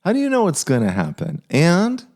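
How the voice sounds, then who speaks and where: A man's voice: a little high, wildly swooping pitch, fairly quick, a little mellow. A middle-aged man hosting a casual podcast, giving earnest dad advice and often repeating his phrases.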